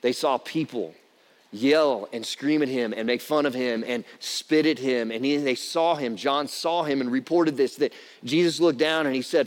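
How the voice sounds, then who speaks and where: A male pastor delivers a sermon in an easy, conversational storytelling voice that swells into emphatic peaks. His pitch sits in an ordinary middle register. The sound carries a long reverb from a church hall. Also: normal speed.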